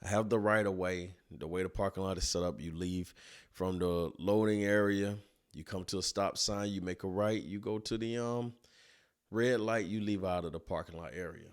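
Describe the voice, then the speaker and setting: A man and business owner telling a personal story in a colloquial, animated storytelling way. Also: low-pitched, moderate pace, clean tone. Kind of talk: storytelling talk.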